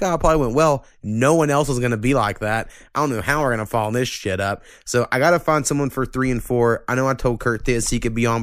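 Profane ranting man, smooth dry voice. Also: mid-range voice, dry recording. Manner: profane, ranting, animated when annoyed. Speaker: podcast host. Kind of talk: casual podcast chat.

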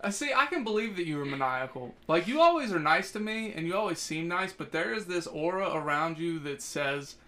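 A man's voice: high voice, expressive, fairly quick, hardly any pauses, bright, forceful tone. A man co-hosting a podcast in casual chat, joking and laughing often.

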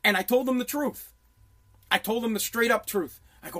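A man's voice: high voice, normal speed, fairly bright tone, slightly rough. A man telling a story in a profane, intense rant, often restarting his sentences. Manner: intense, swearing, many restarts.

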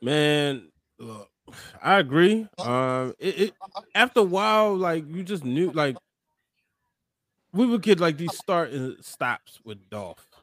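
A man's voice: fairly high pitch, big pitch swings, takes it slowly, a bit bright, no echo, studio quality. A man in his thirties co-hosting a podcast, talking loosely and agreeably with slang. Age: 30s. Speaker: podcast co-host. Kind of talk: casual wrestling chat.

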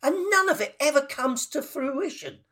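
A man with a husky voice, co-hosting a football podcast in indignant casual chat. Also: extremely high pitch, sing-song, moderate pace, sharp tone. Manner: indignant, emphatic.

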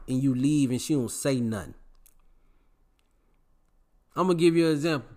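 A man's voice: a little high, normal speed, long pauses, a little mellow. A man giving dating advice to the camera in an emphatic, preachy, repetitive way, full of slang. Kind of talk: casual advice monologue to camera.

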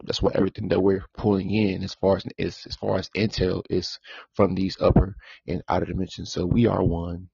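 A man's voice: low-pitched, little pitch movement, fairly quick, creaky, a little mellow, slightly rough, no echo. A man hosting a spiritual podcast monologue, repeating himself and circling back to the same points. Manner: repetitive, circling back with "again". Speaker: podcast host. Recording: dull lo-fi sound.

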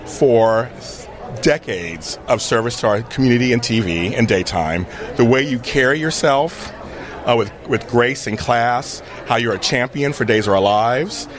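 A man hosting a casual chat show, gushing and animated as he tells stories. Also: mid-range voice, measured pace. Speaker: host.

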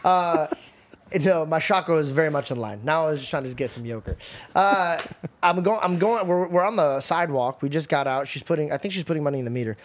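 A young man hosts a casual podcast, recounting a story with an animated delivery. He sits a little high in pitch and slips into mimicry for each person he quotes, swearing now and then as he goes. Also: fairly quick. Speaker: podcast host.

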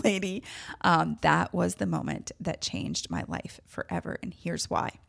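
A woman's voice: fairly low pitch, gravelly. A woman hosting a podcast, telling a personal story in a candid, emotional way with self-deprecating laughs. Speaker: podcast host.

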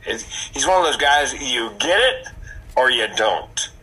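Male comic guest, husky and bright, animated storyteller. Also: mid-range voice, a little slow, rough recording. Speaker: podcast guest, comedian. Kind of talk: casual storytelling.

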